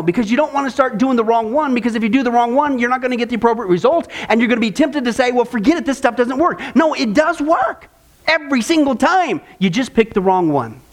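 High-voiced, animated male preacher. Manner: animated storytelling, acting out voices. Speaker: pastor. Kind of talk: sermon with personal stories.

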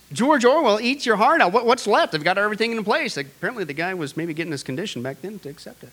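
A man preaching a sermon, excitable and direct, with many fillers and asides to his listeners. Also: sits high, fast talker, hardly any pauses. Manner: excitable, talks straight to the audience with many fillers. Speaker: pastor.

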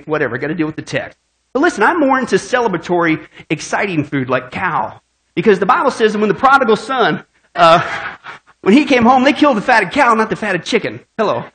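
Bright-voiced joking pastor preaching. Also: male voice, sits high, slight background noise. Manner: jokey, quizzes the congregation with call-and-response questions. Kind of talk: sermon.

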